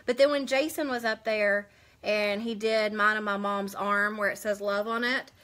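A beauty vlogger hosts a live stream, talking in a medium-pitched, steady, slightly bright voice at a moderate pace. She chats casually, rambling and responding to viewers' comments.

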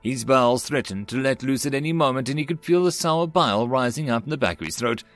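A man reading a science-fiction story as an audiobook narrator, measured and even in his storytelling. His voice sits in a middle pitch and the recording is dry and close. Faint music plays underneath. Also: no echo. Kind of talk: scripted narration.

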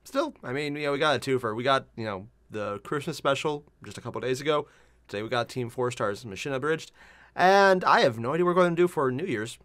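A reaction host giving excitable, profane casual commentary. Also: medium pitch, fast talker, no room sound. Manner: excitable, swears, laughs.

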